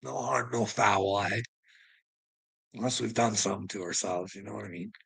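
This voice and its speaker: Gravelly, husky-voiced man preaching at his chat. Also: fairly low pitch, moderate pace, a bit bright, no echo, low-quality recording. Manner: profane, preachy, rambling, chuckles often. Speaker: livestreamer talking to chat. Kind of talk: rambling livestream monologue.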